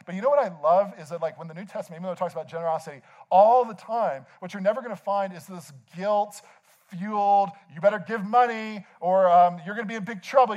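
A man preaching a sermon as a pastor, conversational and animated, with frequent rhetorical asides. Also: a little high.

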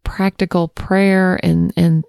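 A woman's voice: on the low side, level tone, slow, gravelly, a little mellow, clean tone, no echo, studio quality. A woman hosting an interview, responding in a reflective, affirming way. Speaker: host. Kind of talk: interview conversation.

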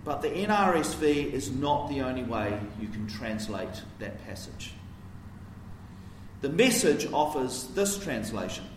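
A man's voice: mid-range voice, very animated, unhurried, a little hiss or hum. A man preaching a sermon in a conversational, explanatory way, posing questions to his listeners. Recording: roomy, distant mic, faint ambience.

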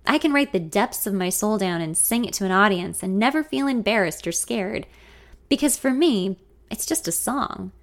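A woman telling a story in the first person, expressive and confiding. Her voice sits at an everyday middle pitch. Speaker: narrator.

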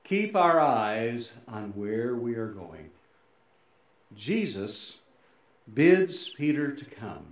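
A man's voice: very animated, extremely slow. Man preaching in a very echoey church. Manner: dramatic swings between loud emphasis and soft low endings; folksy asides and self-deprecating humor. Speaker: pastor. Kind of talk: sermon. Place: church sanctuary.

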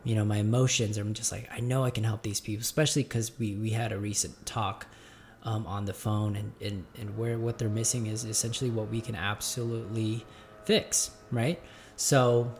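A man's voice: lowish voice, flat delivery, normal speed, darkish tone, a little hiss or hum. A man who runs a gym, talking to his viewers in a reflective, casual monologue. He often stumbles and repeats words as he thinks aloud, and calls his listeners "guys". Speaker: gym owner speaking to viewers.

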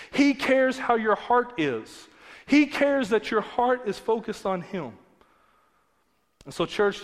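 Earnest pastor preaching in a reverberant church. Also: male voice, high voice. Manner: conversational, earnest preaching with emphatic repetition. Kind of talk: sermon. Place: church sanctuary. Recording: long hall reverb with faint music.

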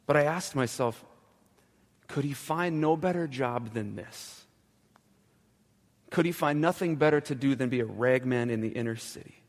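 A male pastor telling a story in a sermon, slowing down and dropping to a hushed voice at the key moments. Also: mid-range voice. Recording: long church reverb.

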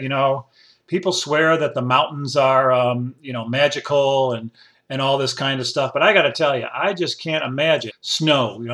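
A man's voice: a little high, fairly bright tone. A middle-aged man, hosting a rambling solo podcast in a folksy, digressive, enthusiastic way. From upstate New York. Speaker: podcast host.

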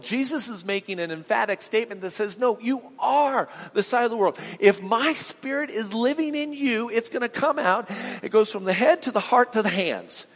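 A man's voice: extremely high pitch, normal speed, few pauses, a bit bright. A male pastor preaching a sermon with emphatic, repeated phrases, calling on his congregation to answer him. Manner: emphatic, calls on the congregation to respond. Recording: long reverb of a large hall.

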